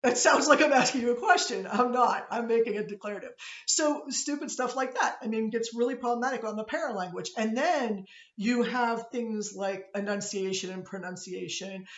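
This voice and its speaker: A woman's voice: fairly high pitch, normal speed, reverberant, lo-fi sound. A woman from Pittsburgh with a Pittsburgh accent, giving a chatty, digressive classroom lecture and often checking in with her students. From Pittsburgh, USA. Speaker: college instructor.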